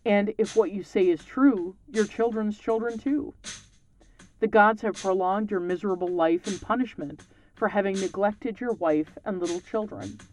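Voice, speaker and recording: A podcast narrator voicing a scornful old village woman who hisses and snaps loudly in a read-aloud folktale, with faint music behind. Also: medium pitch, normal speed, natural voice, rough recording. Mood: harsh. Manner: hissing, sharp and loud.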